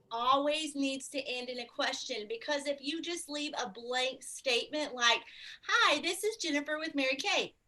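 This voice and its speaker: Bright woman, heard from a distance. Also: high voice. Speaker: sales consultant. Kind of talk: casual group chat.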